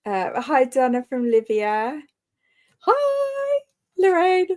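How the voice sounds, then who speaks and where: A woman's voice: on the high side, expressive, measured pace, a little mellow. A woman hosting a live reading sprint, chatting casually and greeting commenters by name, often laughing. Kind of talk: casual live-stream chat.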